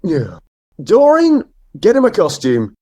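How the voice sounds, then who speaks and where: A man's voice: sits high, wildly swooping pitch, slow pace, darkish tone, soft background music, full character voice. A man playing a brusque middle-aged director running nativity auditions in a radio sitcom. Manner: brusque, dismissive. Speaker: show director. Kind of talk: comedy radio sitcom acting.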